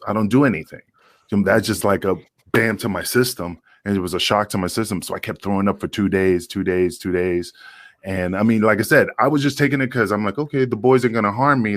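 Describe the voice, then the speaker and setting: Low-voiced guy rambling thru old stories, cussing a lot, dry close mic. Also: no room sound. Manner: loose, profane, halting with many fillers. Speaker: former pro wrestler, guest. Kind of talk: casual storytelling.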